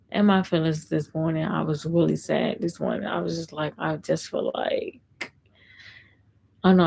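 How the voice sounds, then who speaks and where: Low, gravelly woman chatting on a live stream. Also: a little mellow, rough recording. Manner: chatty, reads and answers viewer comments. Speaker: livestream host. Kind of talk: casual livestream chat.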